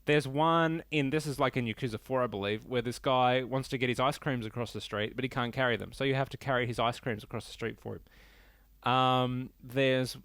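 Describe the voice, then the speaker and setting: A man hosting a casual solo podcast, rambling and swearing as he rants with lively swings in pitch. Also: normal speed, no room sound. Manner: rambling, profane, animated rants. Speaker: podcast host reviewing games.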